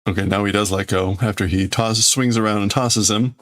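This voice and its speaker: A man's voice: on the low side, steady tone, fairly quick, few pauses, a bit bright. A man who streams himself translating a comic, talking casually and thinking aloud with many hedges. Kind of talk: casual live commentary.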